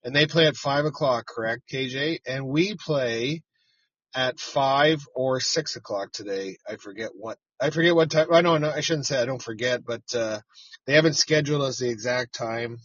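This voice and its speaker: Rambling, profane farmer in truck. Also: male voice, medium pitch, normal speed, a bit bright, slightly rough, no room sound, dull audio. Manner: rambling and profane, chatting to viewers by name. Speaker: chicken farmer and live-stream host. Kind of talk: casual live-stream chat. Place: parked pickup truck.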